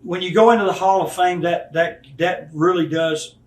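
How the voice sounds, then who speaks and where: With a high-pitched, steady voice at a moderate pace, a retired wrestler in his fifties tells blunt, profane stories in a candid interview and acts out the people in them. The mic sits at a distance in an echoey room, and there is a faint hiss.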